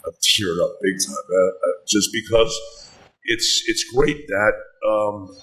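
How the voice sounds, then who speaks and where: A man's voice: fairly low pitch, takes it slowly, bright, forceful tone, rough recording. A middle-aged man, a bar co-owner telling rambling stories with lots of swearing and "man.". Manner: rambling, swears a lot, says "man" often. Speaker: bar co-owner, podcast guest. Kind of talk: casual storytelling chat.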